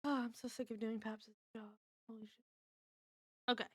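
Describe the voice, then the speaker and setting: A woman's voice: a little high, flat delivery, moderate pace, no echo, clean studio sound. A woman chatting casually on a stream at home, thinking aloud as she tries guesses at word puzzles and teases the people around her. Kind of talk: casual chat while solving word puzzles.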